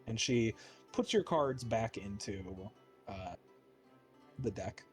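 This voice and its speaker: A man's voice: on the low side, expressive, slow pace, faint music behind. Casual man running a tabletop game. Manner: casual, chatty, with fillers. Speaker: game master.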